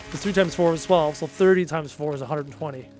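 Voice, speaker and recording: A man's voice: on the high side, quick pace, darkish tone, faint music behind. A young Canadian man with a Canadian accent, chatting casually on a gaming livestream, thinking aloud and answering viewer comments. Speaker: livestream gamer.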